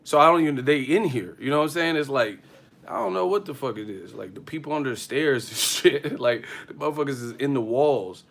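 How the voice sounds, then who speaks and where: A man talking off the cuff on a livestream, full of swearing and quick asides that keep tumbling into laughter. His voice is bright and forward, and he sits around a middle pitch for a man. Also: gravelly. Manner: profane, animated storytelling with frequent laughter. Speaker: boxing livestream host. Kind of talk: casual livestream rant.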